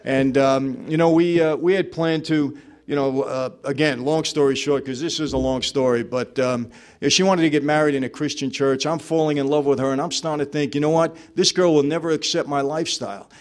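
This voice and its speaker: A man's voice: a little high, fairly even intonation, fairly quick. A man, telling his personal testimony to an audience in a conversational way and acting out bits of dialogue. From New York. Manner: conversational storyteller, acts out dialogue, frequent "you know". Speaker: speaker giving a personal testimony. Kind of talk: testimony talk to a live audience.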